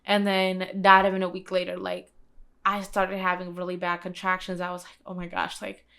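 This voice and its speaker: A woman's voice: on the low side, monotone, normal speed, pushed and bright. A young woman giving a personal testimonial in a casual way, filling her talk with "like" and acting out what others said to her. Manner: casual, uses many "like" fillers; relives scenes by acting out quoted dialogue. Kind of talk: personal storytelling.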